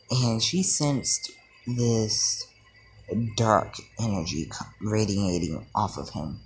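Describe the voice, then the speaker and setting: A man's voice: on the low side, animated, slow pace, slightly rough. A young man casually telling a fan story, rambling with fillers and slang.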